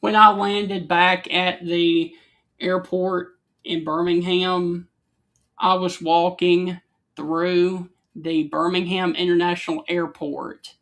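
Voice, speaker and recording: Here an Alabama man with a Southern accent trades easygoing stories as co-host of a casual chat show, his high voice slow, level in tone, and a little bright.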